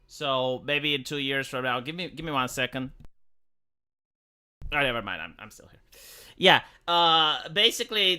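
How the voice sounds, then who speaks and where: A man's voice: medium pitch, bright, forceful tone. A man with a Romanian accent, rambling and swearing casually as he reacts to a video on a live stream. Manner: rambling, profane, frequent restarts.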